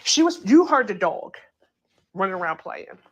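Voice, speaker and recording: A woman hosting a casual true crime chat, talking it through in an animated, incredulous way and acting out quotes, with plenty of filler words. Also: medium pitch, normal speed, husky. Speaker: true crime channel host. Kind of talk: casual commentary.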